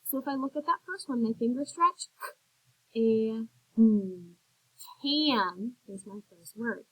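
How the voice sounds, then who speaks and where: A woman gives a recorded phonics lesson for young children in a slightly high, breathy voice. She speaks very slowly and sounds out words with clear, encouraging care. The recording is dry and close, with no room sound. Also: animated, fairly bright tone, no echo, rough recording. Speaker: teacher.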